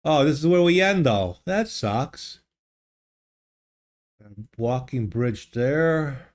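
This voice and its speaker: A man's voice: medium pitch, lively intonation, drawn-out words. A man live-streaming a geography guessing game, thinking aloud and chatting casually with his viewers. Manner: thinks aloud, muses and answers viewers' chat. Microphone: desk microphone.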